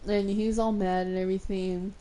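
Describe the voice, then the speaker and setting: A young woman telling stories casually on her stream, in a soft, mellow voice. She rambles through her tales, leaning on filler words, cursing casually and laughing along the way. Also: mid-range voice, flat delivery, normal speed. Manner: swears freely and laughs often. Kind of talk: casual storytelling while gaming.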